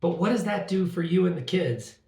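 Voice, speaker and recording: A middle-aged man with a gravelly, fairly high voice talks with animated, sarcastic humor. He sits a little back from the mic, and the room gives his voice a roomy echo. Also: brisk, distant mic. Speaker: podcast co-host. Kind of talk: casual conversation.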